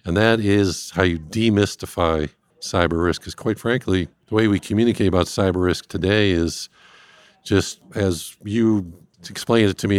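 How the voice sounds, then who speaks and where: A man speaking as a guest expert, explaining risk step by step in a measured way. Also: deep voice, clear, resonant tone, no echo. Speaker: industrial cybersecurity guest expert. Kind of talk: explanatory interview talk.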